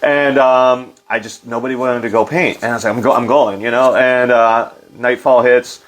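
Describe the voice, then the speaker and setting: A middle-aged man with an animated storytelling manner, loose and full of fillers, acting out quotes in a livelier voice. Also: medium pitch, moderate pace. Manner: loose, filler-heavy delivery. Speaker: interview guest. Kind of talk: casual storytelling.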